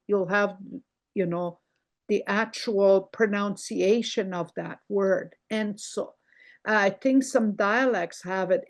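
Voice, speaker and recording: An older woman teaching a language lesson, patiently repeating words and checking in with "okay?" as she goes. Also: medium pitch.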